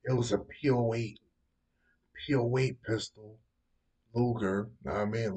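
A man's voice: lowish voice, fairly even intonation, unhurried, pauses often, warm tone. A man hosting a casual show, reacting to news stories with dismissive, profane rambling full of fillers. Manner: dismissive, heavy swearing, rambling fillers like "yo" and "know what I mean". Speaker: host commenting on news stories. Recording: voice distant from the mic.

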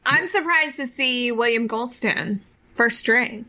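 A woman's voice: on the high side, slow, pushed and bright. A woman co-hosting a casual sports podcast, asking short follow-up questions. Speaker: podcast co-host.

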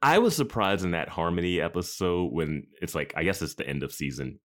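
A man's voice: deep voice, expressive, fairly quick, fairly bright tone. A man co-hosting a podcast, chatting casually and reacting to the recap with wry remarks and frequent laughter. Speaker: podcast co-host. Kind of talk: casual chat.

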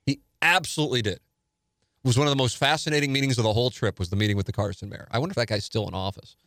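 A man hosting a podcast, talking casually in an animated, rambling way with many fillers. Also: on the low side, rapid-fire, dry recording, clean studio sound. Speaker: podcast host. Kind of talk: casual solo podcast talk. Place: studio.

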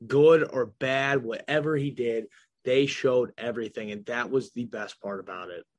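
A man's voice: mid-range voice, moderate pace. A young man hosting a casual football podcast, joking and swearing loosely with his co-host. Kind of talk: casual sports chat.

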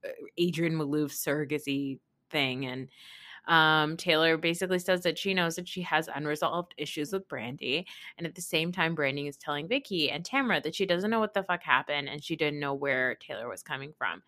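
A woman's voice: sits low, brisk, bright, forceful tone. A woman hosting a podcast in casual chat, chatty and sarcastic, often laughing. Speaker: podcast host.

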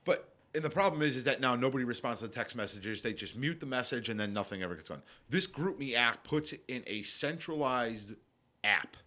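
Animated, bright-voiced swearing man. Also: medium pitch, fairly quick. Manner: swears freely, animated storytelling. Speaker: podcast co-host. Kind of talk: casual live chat.

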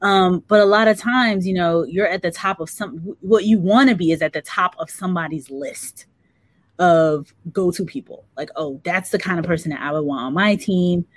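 A woman's voice: fairly low pitch, normal speed, no echo. A woman hosting a live career-advice chat, reading out viewer comments and building on her co-host's points. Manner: conversational, adds to co-host's points.

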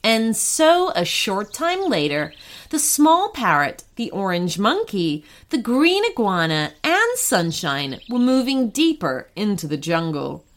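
A woman reading a children's story aloud as narrator, gentle and expressive. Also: mid-range voice, slow.

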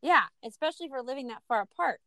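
Curious woman podcast co-host, higher voice. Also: animated, fast talker, pushed and bright, no room sound. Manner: curious, asks questions, teasing. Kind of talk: casual chat.

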